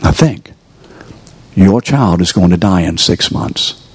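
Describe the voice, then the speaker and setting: A man's voice: sits low, animated, takes it slowly, husky. A man preaching to a live audience in a room, pressing them with rhetorical questions and coaxing them to answer. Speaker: preacher teaching a course. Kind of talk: sermon.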